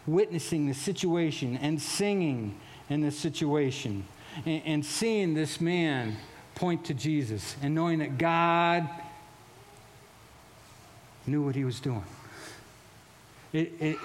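A male pastor preaching a sermon in an animated, emphatic way, often repeating and restarting phrases, and turning quieter for solemn stories. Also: on the high side, takes it slowly, long pauses, slight background noise.

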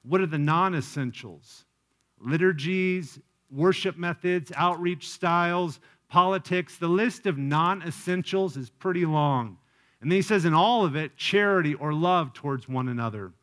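A male pastor delivering a sermon in a somewhat high voice. He speaks earnestly and personally, often turning to the congregation with direct questions. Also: measured pace, a bit bright. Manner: earnest preaching with frequent rhetorical questions.

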